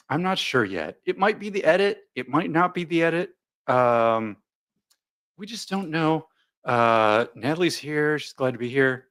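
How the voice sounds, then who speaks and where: Male streamer host, chatty and jokey, mid-pitched voice with a lively, bouncing delivery. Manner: jokey, rambling, reads viewer comments aloud. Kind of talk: casual live commentary chat.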